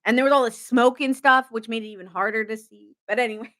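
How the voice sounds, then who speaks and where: A woman's voice: fairly high pitch, fast, a bit bright. Goofy, chatty woman tarot reader. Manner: goofy and chatty, jokes and giggles often. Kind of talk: casual late-night tarot reading.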